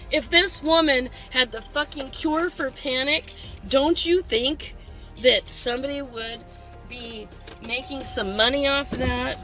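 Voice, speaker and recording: A woman's voice: high-pitched, pushed and bright, faint music behind. Agitated woman ranting on a message. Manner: agitated, complaining, fast when upset. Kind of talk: rambling personal rant.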